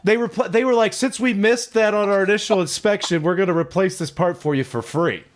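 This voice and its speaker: A man's voice: sits high, brisk. A man telling a long, profane story in casual conversation, laughing as he acts out what people said. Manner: animated, profane, laughing storyteller acting out quotes.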